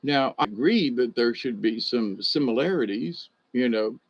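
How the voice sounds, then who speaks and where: A man's voice: mid-range voice, animated, moderate pace, dry recording, dull audio. Older man, folksy and rambling. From Georgia, US. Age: 60s. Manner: folksy, meandering, chuckling. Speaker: monologue host.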